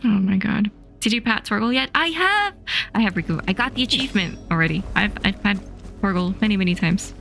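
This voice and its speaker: A woman's voice: mid-range voice, lively intonation, a little fast, gravelly, a bit bright, faint music behind. A woman streaming a game, reacting expressively and swearing now and then. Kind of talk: live game commentary.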